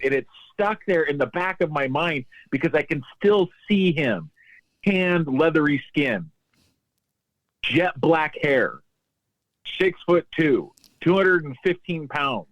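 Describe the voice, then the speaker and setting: A man's voice: mid-range voice, no echo. Man, podcast guest, reflective storyteller, dull lo-fi audio, dry. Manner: reflective, quotes voices in anecdotes. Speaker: podcast guest, tax advisor. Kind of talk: casual storytelling.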